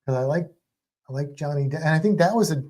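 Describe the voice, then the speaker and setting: A livestream co-host who teaches a class about sharks chats casually and eagerly about movies, rambling and restarting sentences. The voice is medium-pitched and darkish, with a quick pace.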